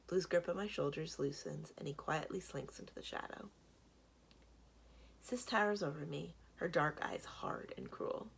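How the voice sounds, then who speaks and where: A woman, a children's librarian, reading a children's book aloud in steady first-person storytelling. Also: low voice, normal speed, gravelly, a little hiss or hum.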